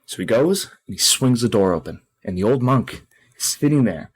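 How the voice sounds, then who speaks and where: A man's voice: medium pitch, animated, moderate pace, breathy edge. A man co-hosting a podcast, telling a long joke in a rambling, casual way. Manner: rambling storyteller with fillers. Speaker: podcast co-host.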